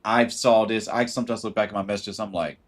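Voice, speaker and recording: A man with a fairly low voice, chatting casually to his livestream audience. He talks in an animated way, slipping into other voices to act out what people think and greeting viewers mid-sentence. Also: quick pace. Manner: animated, acts out quoted thoughts in shifting voices. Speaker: livestream host.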